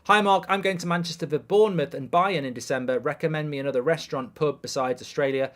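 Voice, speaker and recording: A man's voice: on the high side, quick pace, fairly bright tone. A man hosting a live football watchalong, chatting crudely and jokingly, reading out viewer messages and scores.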